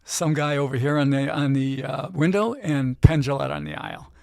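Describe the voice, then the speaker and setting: A middle-aged man, a gambling expert guest, telling an animated story in casual interview chat and often tagging his lines with "right?". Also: a little high, moderate pace, gravelly, dry recording, studio quality.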